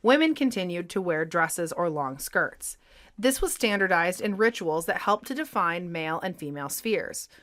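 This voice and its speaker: A woman co-host narrating a scripted history podcast in a lively, expressive way. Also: fairly low pitch, normal speed.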